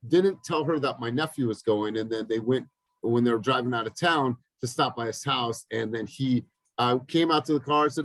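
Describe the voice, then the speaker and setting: Man in his thirties, coach, group video call, lively storyteller, dry close sound. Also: mid-range voice, normal speed, dry recording, low-quality recording. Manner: energetic storytelling with lively acted-out quotes. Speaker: business coach.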